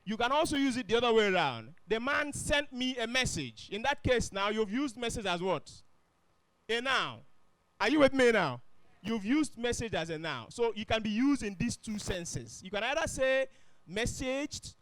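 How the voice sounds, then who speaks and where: A man's voice: extremely high pitch, expressive, normal speed, a bit bright. Man teaching a class. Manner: questions the class often. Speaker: English teacher. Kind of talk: classroom lesson.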